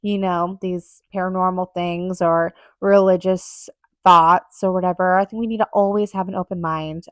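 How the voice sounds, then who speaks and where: A woman's voice: mid-range voice, dry recording. A woman hosting her own podcast, talking earnestly and emphatically in a rambling solo monologue with lots of fillers. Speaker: podcast host.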